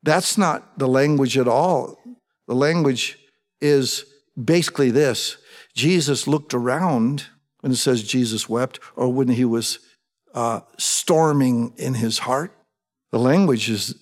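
A man preaching a sermon as pastor, emphatic, swinging between loud urgency and hushed intensity. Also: mid-range voice, takes it slowly. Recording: long hall reverb.

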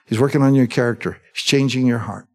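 A man's voice: medium pitch, quick pace, darkish tone. A middle-aged male pastor preaching a sermon, who talks conversationally and keeps asking the congregation whether they agree.

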